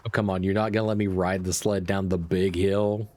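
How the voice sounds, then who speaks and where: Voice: low-pitched, level tone, brisk, mellow. A streamer chatting casually and wryly while playing a video game, a little sleepy. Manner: drowsy and chatty, with a wry edge. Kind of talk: casual gameplay commentary.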